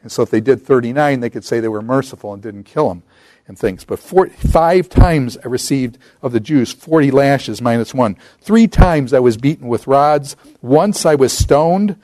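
A middle-aged man giving an informal Bible lecture, talking conversationally and slowing down to read scripture aloud. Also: mid-range voice, darkish tone, no echo. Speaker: Bible teacher.

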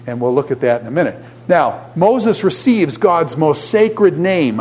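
A man teaching a classroom lecture in an animated way, often asking his students questions. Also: fairly high pitch, moderate pace.

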